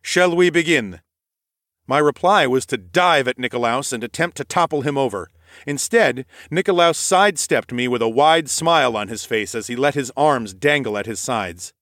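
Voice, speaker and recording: A man giving expressive, scripted first-person narration of a story. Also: mid-range voice, no room sound, studio quality. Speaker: audiobook narrator.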